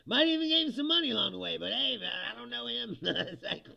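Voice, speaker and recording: A man's voice: very high voice, expressive, brisk, vocal fry, sharp tone, muffled recording. A man hosting a livestream, ranting casually about politics, laughing often and mocking people in put-on voices. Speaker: livestream host.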